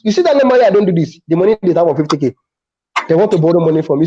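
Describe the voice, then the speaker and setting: A man with a Nigerian accent, a comedian chatting as a guest and telling stories with animated restarts. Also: high-pitched, very fast, husky, muffled recording. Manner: animated storytelling with frequent restarts. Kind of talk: casual interview chat.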